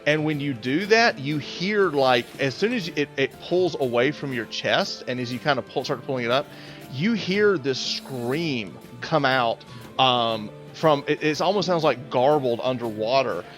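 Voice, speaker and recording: A man's voice: mid-range voice, animated, normal speed, few pauses, a bit bright, soft background music. A man narrating a tabletop game as game master, in a casual, rambling way. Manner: casual, rambling with fillers and restarts.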